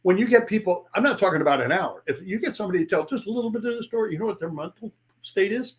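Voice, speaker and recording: A man's voice: high-pitched, fast talker. An older man, a sales speaker and author, telling stories in an interview and acting out sales dialogues in changing voices. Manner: animated, acts out sales dialogues in different voices. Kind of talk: interview guest storytelling.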